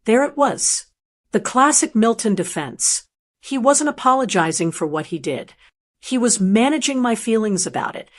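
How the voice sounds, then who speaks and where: A woman narrating a first-person family story in a measured, calm, even delivery. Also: on the high side.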